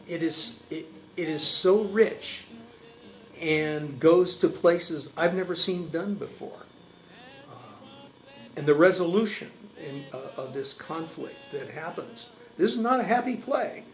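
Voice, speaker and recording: A man's voice: fairly high pitch, slow, echoey room, soft background music, rough recording. A man, a stage actor, speaking thoughtfully about his role in an interview, with frequent hesitations. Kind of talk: promotional interview.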